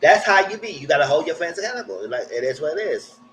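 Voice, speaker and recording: Animated man recapping reality TV. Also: a little high, fast talker, a little hiss or hum, low-quality recording. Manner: animated, exaggerated re-enactments of cast reactions. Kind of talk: live casual commentary.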